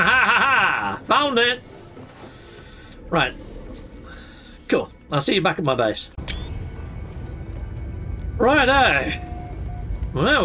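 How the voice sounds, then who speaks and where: A man chats through his gameplay, full of exclamations and mild stand-in curses. His voice is bright and fairly high. Faint music plays softly behind him. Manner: chatty, exclamatory, minced swearing. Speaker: gaming channel host. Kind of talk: casual gameplay commentary.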